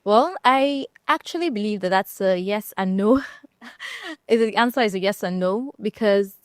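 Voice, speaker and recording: A woman from Nigeria on a discussion panel, telling stories in an animated way and laughing often. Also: mid-range voice, unhurried, dry recording, studio quality.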